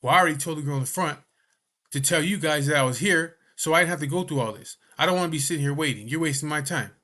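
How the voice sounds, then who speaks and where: A man voicing a loud, demanding fellow patient who gets indignant and swears at the nurses. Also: on the high side, fast talker, pitched above the performer's own voice.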